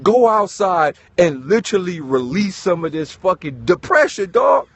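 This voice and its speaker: A man giving an animated, preachy motivational talk, swearing and calling listeners dog. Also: sits high, normal speed, dry recording. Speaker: host.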